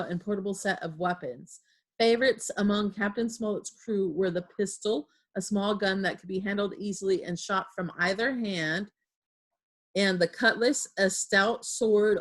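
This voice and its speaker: A teacher reading a novel aloud to her students, clear, with small slips and restarts. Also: mid-range voice, fairly bright tone.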